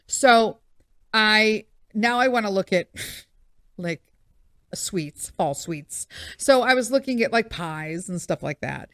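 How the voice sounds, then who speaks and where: A middle-aged woman hosting a podcast, telling a story in a blunt, swearing, animated way. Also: mid-range voice, slow pace, no room sound, clean studio sound. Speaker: podcast host. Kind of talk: casual storytelling monologue.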